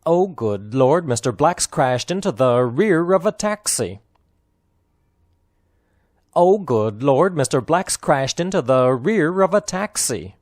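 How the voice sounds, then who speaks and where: An American man reading model sentences for repetition practice, slowly and with careful, strong stress. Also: fairly high pitch, lively intonation, dry recording. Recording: dry close studio recording.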